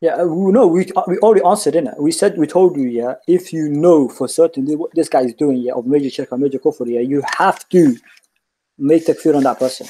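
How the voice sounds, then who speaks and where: Guy hosting, husky mellow voice, keeps pushing his point, yeah? yeah?. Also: a little high, a little fast. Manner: insistent, repeats points, tags "yeah?" often. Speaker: podcast host. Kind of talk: heated religious debate.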